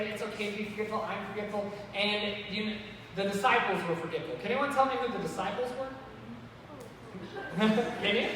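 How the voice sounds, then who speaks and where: A man's voice: very high voice, recorded from a distance, slight background noise. Casual man teaching kids in echoey hall. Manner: casual and lively, asks the kids questions and gets them to respond. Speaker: children's church teacher. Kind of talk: Bible lesson for kids.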